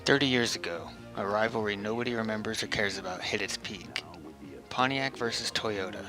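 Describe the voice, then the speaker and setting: A man narrating a scripted car comparison voice-over in a flat, self-described monotone with dry humor. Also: lowish voice, moderate pace, loud music behind the voice. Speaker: car video host.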